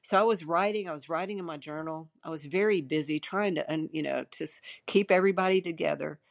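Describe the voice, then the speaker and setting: A woman's voice: deep voice, fast talker, creaky. A woman pastor, older, sharing a personal testimony in an earnest, emotional way with many restarts.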